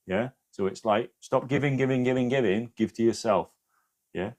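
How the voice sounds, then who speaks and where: A man's voice: mid-range voice, normal speed, a little mellow. A man hosting a live stream, giving casual spiritual advice to viewers, swearing freely and often checking in with "yeah?".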